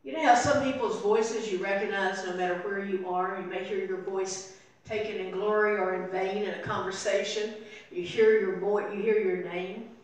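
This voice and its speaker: An older woman preaching a sermon as pastor, telling the story and voicing its people softly. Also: mid-range voice, fairly even intonation, normal speed. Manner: storytelling, acting out voices softly in quotes. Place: church sanctuary. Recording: very echoey room, voice from far off.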